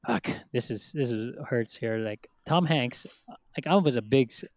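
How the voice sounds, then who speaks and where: A man's voice: medium pitch, normal speed, dry recording. A man co-hosting a casual podcast chat, rambling with many fillers and acting out quotes. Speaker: podcast co-host.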